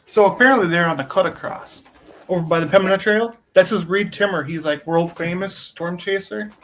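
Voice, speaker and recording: A man's voice: high voice, a little fast, slight background noise. A man in casual chat, offhandedly passing along local news.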